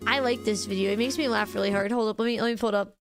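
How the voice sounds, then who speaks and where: A woman's voice: medium pitch, fairly even intonation, rapid-fire. A woman streamer chatting casually and playfully with her chat, laughing often. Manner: giggly, playful, talks to chat. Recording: stream with background music.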